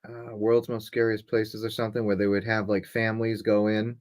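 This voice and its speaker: A man's voice: on the low side, monotone, fairly quick. A young man co-hosting a casual chat, joking and laid-back. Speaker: co-host.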